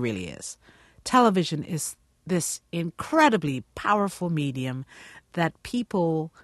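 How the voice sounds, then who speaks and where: A woman's voice: deep voice, no room sound, clean studio sound. A woman, an actress, telling stories in an interview and acting out the people she quotes. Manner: animated storyteller, acts out quotes. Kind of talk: radio interview.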